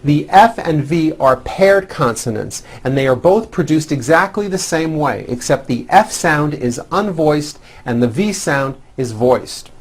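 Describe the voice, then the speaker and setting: A man teaching English pronunciation in a scripted lesson, demonstrating sounds slowly and with exaggeration. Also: on the high side, lively intonation, slightly rough.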